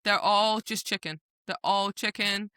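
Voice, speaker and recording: A woman's voice: medium pitch, steady tone, unhurried, bright, forceful tone, clean tone, no echo, studio quality. A woman, co-hosting a casual book chat podcast, retelling scenes animatedly with voiced quotes. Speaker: podcast co-host.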